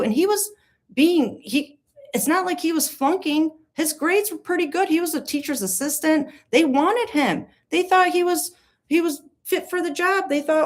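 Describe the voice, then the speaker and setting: A woman from New gives casual true-crime commentary, animated and sarcastic, rambling with many fillers. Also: high-pitched. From New York.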